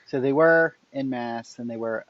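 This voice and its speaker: A man's voice: mid-range voice, moderate pace, fairly bright tone, dry recording, muffled recording. A man playing a tabletop game, with dry, wry banter. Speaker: player.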